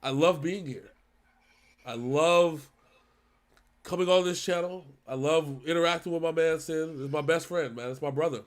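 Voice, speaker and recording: Male co-host, 30s, slightly high voice, earnest, stumbling delivery, casual talk. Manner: earnest, halting, with many restarts. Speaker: reaction channel co-host.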